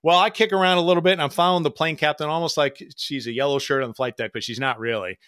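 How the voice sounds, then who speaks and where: Animated storytelling man, dry close sound. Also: on the high side, quick pace, no echo. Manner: animated, acts out quoted voices. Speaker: podcast guest telling flying stories. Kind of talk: casual storytelling.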